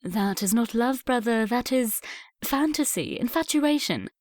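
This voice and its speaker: A woman's voice: fairly high pitch, expressive, measured pace, a little mellow, no echo. A frank young lady who runs a dressmaking business, firm and plain-spoken, as a woman reader plays her. The read is close and dry, from an audiobook. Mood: earnest.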